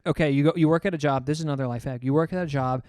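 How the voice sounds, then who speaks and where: A man's voice: on the high side, racing, no room sound, clean studio sound. A young man from Long Island telling stories in casual chat, swearing freely and acting out what people said. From Long Island, New York. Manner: swearing, animated storytelling with acted-out quotes. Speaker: podcast co-host.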